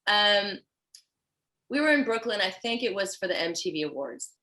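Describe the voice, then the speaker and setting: A woman with a Haitian accent, a fashion designer guest telling stories in an animated, chatty way. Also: medium pitch, normal speed. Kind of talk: casual chat. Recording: roomy echo.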